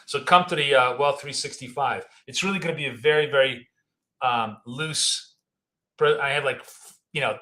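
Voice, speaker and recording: A man's voice: medium pitch, bright, forceful tone. A man in his fifties or older with a Russian accent, a native Russian speaker, giving casual, rambling live trading commentary. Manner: casual, rambling, thinking aloud. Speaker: trading educator.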